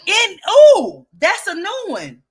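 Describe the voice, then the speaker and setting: A woman's voice: extremely high pitch, huge pitch swings, slow pace, pushed and bright. A woman hosting gossip commentary over played clips, sassy and teasing, laughing often and calling people girl and honey. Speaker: commentary channel host.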